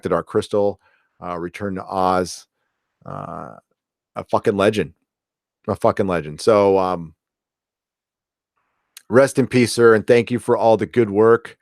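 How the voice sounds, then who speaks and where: A man's voice: on the low side, a little mellow, no room sound, clean studio sound. A man hosting a live stream, reading viewer comments and rambling casually with lots of fillers, restarts and swearing. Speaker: host of a live chat show.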